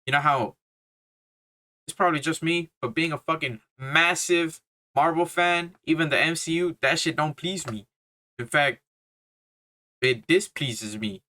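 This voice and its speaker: A man's voice: on the high side, unhurried, long pauses, sharp tone. A young man giving a casual, rambling movie review, full of slang, swearing and fillers. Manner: swears a lot, laughs, filler-heavy slang.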